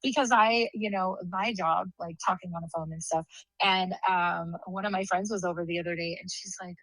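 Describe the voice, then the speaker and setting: A woman's voice: fairly low pitch, steady tone, moderate pace, a bit bright, no echo, low-quality recording. A woman in her thirties chatting casually on a podcast, rambling through stories and laughing often. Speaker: podcast co-host, sister. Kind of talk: casual chat.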